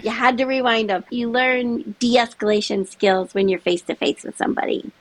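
A middle-aged woman chatting as an interview guest, animated and laughing often. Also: fairly high pitch, normal speed, no room sound. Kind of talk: casual chat.

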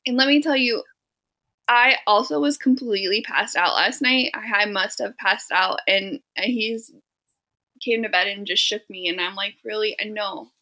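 Young woman, podcast co-host, casual chat, upbeat, medium pitch. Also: moderate pace, pushed and bright. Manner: upbeat, laughing asides.

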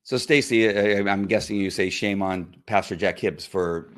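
A man's voice: on the low side, steady tone, normal speed. A man ranting straight to the camera, sarcastic, speaking to a critic by name with many restarts. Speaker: social media commenter. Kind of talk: direct-to-camera rant.

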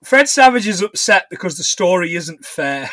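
Lively high-voiced Englishman telling a story. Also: no echo. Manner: animated, swearing, quick to laugh. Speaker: podcast co-host. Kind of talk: casual film recap chat.

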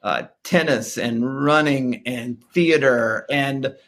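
A middle-aged man, a guest on a podcast, telling a family story in casual talk and acting out the voices in it. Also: slow. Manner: animated, acts out dialogue with sharp pitch jumps.

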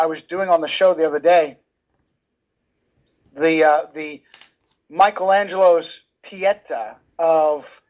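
Male guest, high-pitched voice, emphatic, repeats words for stress, interview talk. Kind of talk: animated conversational interview.

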